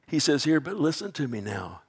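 A man preaching a sermon, who slows down for emphasis, swings between loud and hushed phrases, and asks his congregation questions. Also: a little high, sing-song, breathy edge. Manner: preaching with dramatic slowdowns, rising emphasis and quiet drops. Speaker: pastor.

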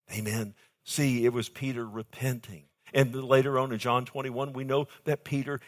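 A man preaching a sermon to a congregation. He asks rhetorical questions and swings between loud emphasis and near-whispered intimacy. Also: medium pitch. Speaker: pastor. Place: church before a live congregation.

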